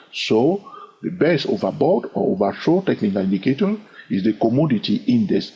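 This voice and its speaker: A man teaching trading in an animated way. He often fills pauses with "okay" and "all right" and repeats phrases as he thinks aloud. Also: mid-range voice, slight background noise, poor audio. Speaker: trading educator. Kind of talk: instructional talk to camera.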